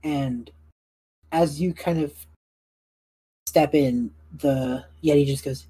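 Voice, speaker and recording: A young woman narrating a tabletop game as game master, casual and full of fillers, clearing her throat now and then. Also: deep voice, takes it slowly, warm tone, no room sound.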